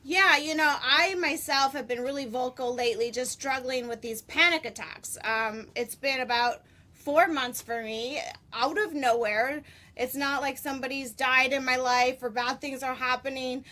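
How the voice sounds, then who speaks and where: A woman in her forties chatting as an interview guest, bubbly and quick to laugh. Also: sits high, steady tone, pushed and bright. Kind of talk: casual interview chat.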